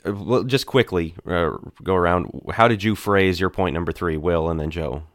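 A man's voice: deep voice, normal speed, no echo, clean studio sound. A man on a church discussion panel, explaining Bible passages earnestly, with frequent restarts.

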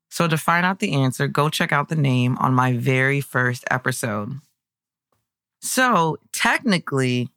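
A podcast host narrating history in a conversational way, breaking into excited personal asides. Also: medium pitch, no room sound, clean studio sound.

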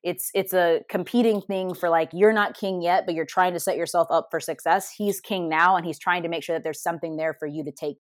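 A woman's voice: fairly low pitch, fairly even intonation, fairly quick, few pauses, dry recording, clean studio sound. A woman co-hosting a podcast in casual chat, enthusiastic and full of "like". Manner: enthusiastic, heavy use of "like". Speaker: podcast co-host.

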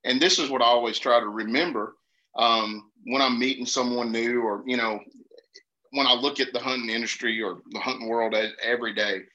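A man from Georgia with a Southern accent, telling hunting stories in an earnest, animated way in casual conversation. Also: medium pitch, brisk. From Georgia, USA. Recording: dull lo-fi sound.

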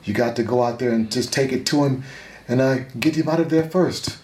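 A man doing an impression of a famous retired heavyweight boxer, giving slow, measured advice. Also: medium pitch, darkish tone, lightly acted. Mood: calm advice. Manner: measured, advising, slow repeated phrases. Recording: echoey room with faint noise.

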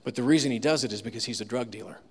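Man, pastor, casual storytelling sermon, self-deprecating humor, mid-pitched voice, long hall reverb. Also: rapid-fire, breathy edge. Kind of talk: sermon with personal stories. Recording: long reverb of a large room.

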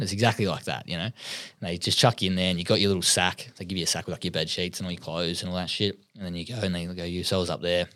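Deep-voiced Australian man telling stories. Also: a bit bright, no room sound, clean studio sound. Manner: laid-back, swears freely, laughs often. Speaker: podcast guest. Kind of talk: casual storytelling interview.

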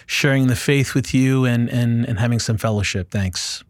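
A man's voice: medium pitch, moderate pace. A man with a Brooklyn accent hosting a faith podcast, chatty and enthusiastic, with a lot of fillers. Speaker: podcast host. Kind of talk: casual interview chat.

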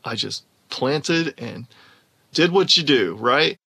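Man, storytelling, animated, bright sharp tone, gravelly edge. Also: medium pitch, slow pace. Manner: animated, laughs while telling. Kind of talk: personal storytelling.

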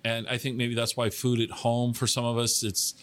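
A man in a mid range voice hosts a relaxed podcast interview. He rambles, teases his guest, and restarts his sentences as he goes. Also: mid-range voice, moderate pace. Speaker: podcast host. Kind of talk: casual interview chat.

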